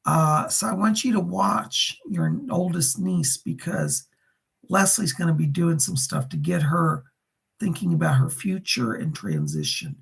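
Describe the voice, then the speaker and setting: Man, psychic medium on a livestream, gravelly and husky, lively pitch, relays spirit messages. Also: a little slow. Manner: relays spirit messages, thanks donors by name. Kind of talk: live streamed psychic readings.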